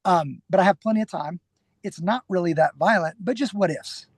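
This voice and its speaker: A middle-aged man, a guest on a podcast and a security trainer, telling stories in a casual, animated way, acting out quoted lines and often restarting his sentences. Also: high-pitched, normal speed, slightly rough, no room sound. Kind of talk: casual interview storytelling.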